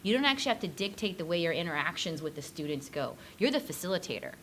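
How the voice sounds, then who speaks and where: A woman's voice: fairly low pitch, very animated, fast, slight background noise. A woman leading a staff training session, enthusiastic and joking, with lots of fillers. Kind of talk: upbeat training talk to a group.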